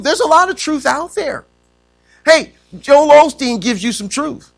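A man's voice: very high-pitched, expressive, measured pace, vocal fry, fairly bright tone. A man preaching a sermon who stops to ask the congregation to fill in words and stretches out the key phrases for emphasis. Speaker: pastor.

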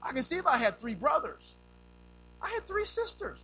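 Gravelly high-voiced preacher. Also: male voice, big pitch swings, normal speed, a little hiss or hum, low-quality recording. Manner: storytelling with vivid sound effects, swings between loud and hushed. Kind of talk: sermon.

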